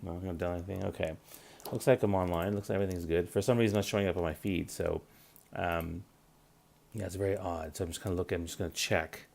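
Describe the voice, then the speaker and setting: Speaking fast in a low, gravelly, slightly mellow voice with a steady tone, a man in his forties hosts a live career-advice stream. The talk is casual and loose, peppered with fillers and restarts.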